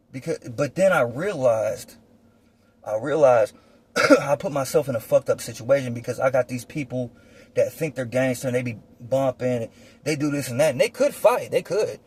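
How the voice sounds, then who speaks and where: A young man telling a personal story casually, animated and slangy with plenty of swearing, acting out gunshots with mouth sounds. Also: medium pitch, breathy edge. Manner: profane, slangy; winds down quiet and reflective at the end.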